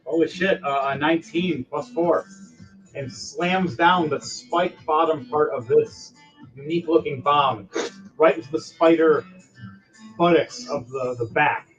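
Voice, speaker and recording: Excitable, rambling male game master. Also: a little high, moderate pace. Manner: excitable, rambling narration with many fillers. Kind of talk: narrating a tabletop game. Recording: dull lo-fi sound, faint music.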